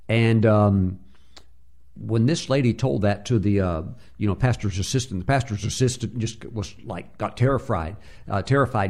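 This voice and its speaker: A man's voice: fairly low pitch, darkish tone. A man preaching a sermon, telling a story with many filler uhs and acting out the voices he quotes.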